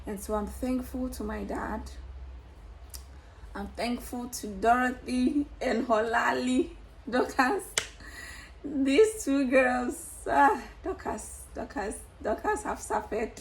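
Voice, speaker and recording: A woman's voice: high voice, slow pace, gravelly, a little hiss or hum, low-quality recording. A young woman vlogging to camera in a candid, exuberant way, laughing often and swearing casually.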